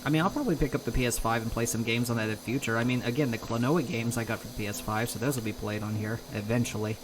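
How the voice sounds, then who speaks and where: A man's voice: mid-range voice, fairly even intonation, very fast, noisy background. A man streaming a video game, chatting casually in a rambling, self-mocking way and laughing often. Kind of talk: casual chat while gaming.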